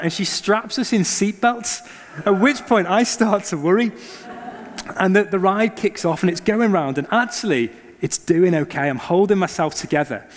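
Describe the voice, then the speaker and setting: A man in his thirties delivers a sermon built around a personal story, acting out the scenes with animation. His voice sits fairly high, and a long reverb trails each phrase as in a large church hall. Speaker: pastor.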